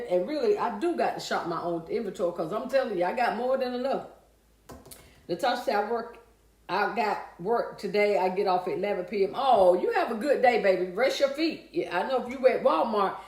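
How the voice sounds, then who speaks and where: A woman hosting a casual livestream, chatting with viewers and reading out their comments in a folksy way. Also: mid-range voice. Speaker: livestream host. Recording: echoey room.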